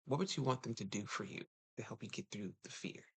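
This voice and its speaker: A husky-voiced man talks at a quick pace, with no room sound, addressing viewers casually in his role as a relationship coach. His style is chatty, peppered with rhetorical questions and abrupt leaps in pitch.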